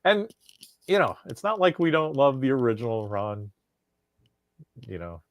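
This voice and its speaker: A man's voice: medium pitch, a little slow, no room sound. Podcast dude riffing with his co-host, swears a lot, trips over his own sentences, dry close sound. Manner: animated, profane, frequent restarts. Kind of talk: casual chat.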